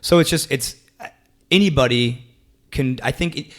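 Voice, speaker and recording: A man's voice: medium pitch, normal speed, a bit bright. A young man in his twenties, a comedian telling a rambling story in a casual interview, full of fillers and restarts. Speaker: comedian guest.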